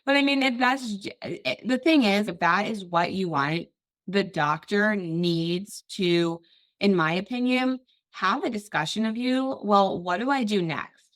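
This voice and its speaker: Lively, expressive woman podcast guest. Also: medium pitch, measured pace, no room sound, studio quality. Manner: animated, laughs easily, jumps into quoted voices. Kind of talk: casual interview conversation.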